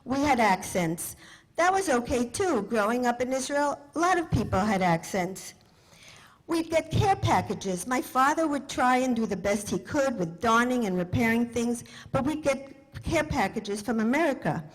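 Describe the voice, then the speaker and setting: A woman in her seventies, from France, telling her family's story to an audience with animated emphasis. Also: fairly high pitch, normal speed, low-quality recording.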